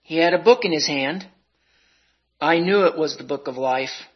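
A male preacher delivering a sermon with a dramatic poem reading, in a slow, deliberate and emotional way. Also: on the high side, breathy edge. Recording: dull lo-fi recording.

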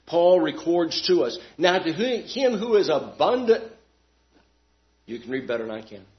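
A man preaching with a somewhat high voice, pressing his points with rhetorical questions. He swings between loud, emphatic lines and quiet, low ones. The recording sounds dull and lo-fi. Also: very animated, moderate pace, slight background noise. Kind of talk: sermon.

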